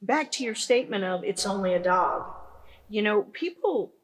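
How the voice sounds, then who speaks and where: A woman's voice: mid-range voice, normal speed. Earnest woman telling a story. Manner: earnest, animated storyteller with frequent restarts. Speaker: pet aftercare business founder, guest. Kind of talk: conversational interview storytelling.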